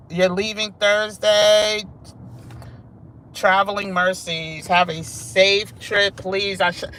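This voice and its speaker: A woman's voice: medium pitch, fairly bright tone, a little hiss or hum. A woman hosting a casual live stream from her car, sassy and chatty, talking straight to her viewers. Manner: sassy, chatty, calls viewers "y'all" and "child". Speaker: vlog host. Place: in a car while driving.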